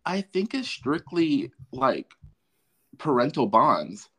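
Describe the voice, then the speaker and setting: A man's voice: medium pitch, sing-song, slow, fairly bright tone, slightly rough. A man co-hosting a podcast, chatting casually about a TV show in a laid-back way. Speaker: podcast co-host. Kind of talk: casual TV recap chat.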